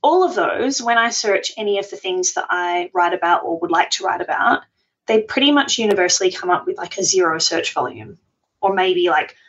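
A woman's voice: fairly low pitch, expressive, brisk, a bit bright, lo-fi sound. A woman guest on a podcast, talking in a chatty, self-deprecating way and laughing often. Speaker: podcast guest, food blogger. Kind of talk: conversational interview.

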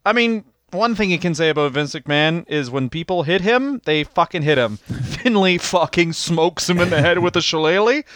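Higher-voiced joking podcast man. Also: animated, normal speed, fairly bright tone, no room sound. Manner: crude and joking, swears often. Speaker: podcast co-host. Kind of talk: casual comedic chat.

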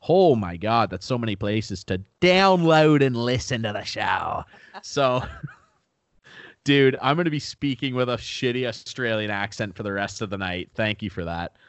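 A man's voice: medium pitch, animated, a little slow, no room sound. A young man co-hosting a podcast in casual chat, goofy and rambling, swearing freely. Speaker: podcast co-host.

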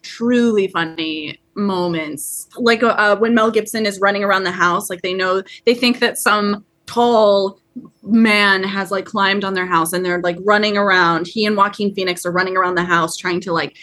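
Bright, excitable woman comedian. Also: medium pitch, normal speed. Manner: enthusiastic, laughs often, trails into filler "like". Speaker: guest comedian. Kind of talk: casual podcast chat.

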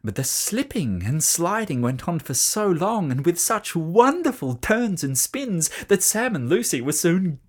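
A storyteller reading a children's story aloud in an expressive, animated way. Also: mid-range voice, a little slow, hardly any pauses.

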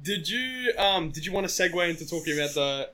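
Teasing high-voiced man. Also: animated, pushed and bright. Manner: teasing, crude, quick interjections. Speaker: podcast co-host. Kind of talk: casual banter among friends.

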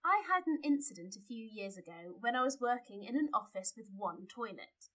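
A woman co-hosting a casual podcast and reading a story aloud, wry and expressive. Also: medium pitch, moderate pace, poor audio. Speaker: podcast co-host.

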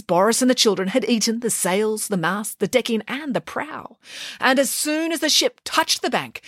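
A woman's voice: fairly high pitch, dry recording, clean studio sound. A woman reading a children's storybook aloud, switching voices for each character. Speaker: audiobook narrator.

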